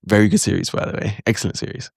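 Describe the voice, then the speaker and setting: A man's voice: lowish voice, rapid-fire, gravelly, breathy edge, no room sound, studio quality. A man giving a casual spoken lesson on language learning, loose and chatty, full of asides and acted-out reactions. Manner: acts out his own reactions in quotes.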